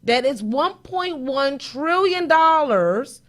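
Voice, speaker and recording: Woman, high voice, emphatic, rhetorical questions, live-stream host. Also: animated, takes it slowly. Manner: emphatic, preachy, repeats points, rhetorical questions. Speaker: host, accountant.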